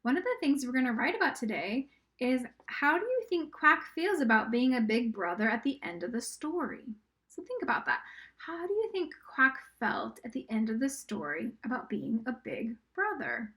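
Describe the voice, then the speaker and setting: A woman teaching a recorded reading and writing lesson to young children, patient and encouraging, sounding out words slowly and sometimes dropping to a whisper. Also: a little high, big pitch swings, fairly bright tone.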